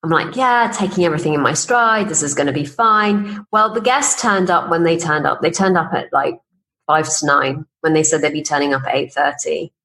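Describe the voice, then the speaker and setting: A woman's voice: sits low, moderate pace, a bit bright, poor audio. A woman business coach, a podcast guest, telling personal stories in casual conversation and acting out the dialogue she quotes. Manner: chatty, acts out quoted dialogue, laughs while telling stories.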